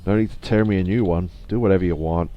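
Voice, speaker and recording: A man's voice: deep voice, quick pace, dull audio, a little hiss or hum, lightly acted. A man reading a curt, defiant young woman. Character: tough, sharp-tongued young woman.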